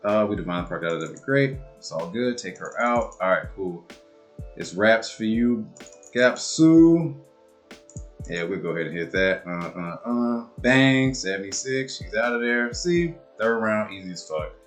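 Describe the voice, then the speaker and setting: Guy commentating his game, swears constantly, goes from mumbling to yelling, faint music under it. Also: on the low side, animated, measured pace. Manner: swears a lot, swings from muttering to loud outbursts. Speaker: gamer and video creator. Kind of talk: live gameplay commentary.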